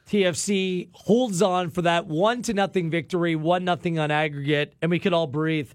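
A male sports show host with a fairly high voice breaks down the match in a lively, upbeat way. The sound is dry and close, with no room around it. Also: normal speed, hardly any pauses, no room sound. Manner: enthusiastic, upbeat. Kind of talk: studio sports analysis chat.

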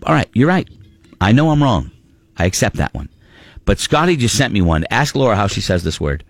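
A man's voice: on the low side, very animated, brisk, no room sound. A man hosting a casual talk show, ranting in an exasperated way. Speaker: radio show host. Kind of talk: casual chat.

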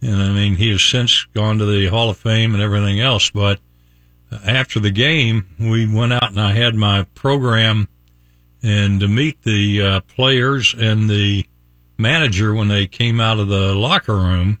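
A man's voice: on the low side, fairly even intonation, measured pace, fairly bright tone, no echo. An older man from Virginia hosting a morning radio show, telling a rambling story and chuckling often. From Virginia, USA. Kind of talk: chatty on-air storytelling. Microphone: studio mic.

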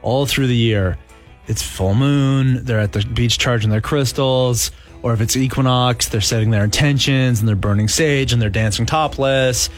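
A man co-hosting a casual podcast chat, playful and quick to agree and joke. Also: mid-range voice, soft background music. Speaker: podcast co-host.

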